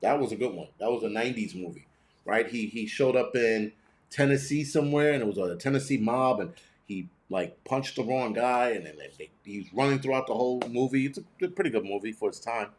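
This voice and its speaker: This prepping-channel host talks fairly quickly as he riffs on viewer comments during a casual livestream. His delivery is blunt, profane and rambling, full of restarts, and his voice bounces between high and low pitch as he animatedly rants.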